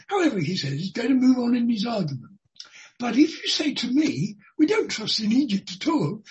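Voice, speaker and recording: Slow, deliberate Bible preacher, lo-fi. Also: mid-range voice. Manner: deliberate, repeats phrases for emphasis. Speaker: Bible teacher. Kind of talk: expository sermon.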